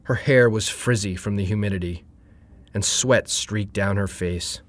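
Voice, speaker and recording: A man reading a first-person story aloud in a wry, deadpan way. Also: fairly low pitch, unhurried, dry recording. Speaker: narrator.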